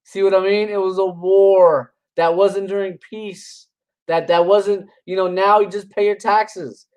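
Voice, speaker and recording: In poor audio, a religious commentator reacts to videos with a high-pitched, clean, darkish voice, speaking in a level tone at an unhurried pace. He stays casual but combative and dismissive, rambling and restarting while scoffing laughs slip in between his points.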